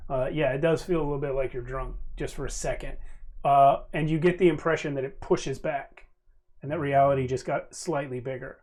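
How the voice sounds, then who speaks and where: A man narrating as game master at a tabletop game, relaxed and chatty, laughing easily. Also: mid-range voice, brisk. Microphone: table mic at a live-streamed game.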